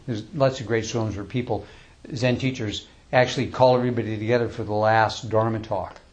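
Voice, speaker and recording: A man giving an informal dharma talk as a Zen teacher, in a relaxed and conversational way. He chuckles often and restarts his sentences. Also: fairly low pitch, lo-fi sound. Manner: relaxed and conversational, reads poems slowly.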